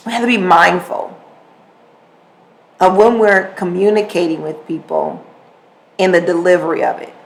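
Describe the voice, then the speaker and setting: Gravelly-voiced woman podcast host. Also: medium pitch, rough recording. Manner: conversational, animated, acts out examples. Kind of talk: solo podcast talk on communication.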